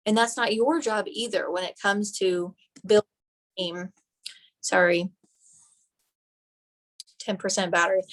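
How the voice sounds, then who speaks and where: Direct, animated young woman on a phone live stream. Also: mid-range voice, poor audio. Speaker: team leader and nurse. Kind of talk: motivational live video chat.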